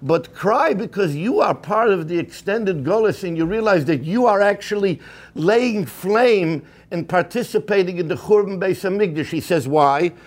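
A man's voice: high voice, expressive, normal speed. A man giving an impassioned sermon-style lecture at a community program, often stammering and restarting, with many Hebrew and Yiddish terms.

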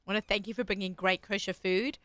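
Bright, effusive woman hosting a food chat. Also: mid-range voice, fairly even intonation, quick pace, no room sound. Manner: enthusiastic and effusive, stumbles over words. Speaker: show host. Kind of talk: lively casual food chat.

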